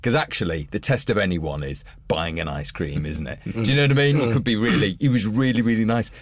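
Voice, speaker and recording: A man's voice: lowish voice, a little fast, dry recording. A man co-hosting a casual film chat, telling an anecdote with acted-out voices. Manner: animated anecdote teller, acts out voices. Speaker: podcast co-host.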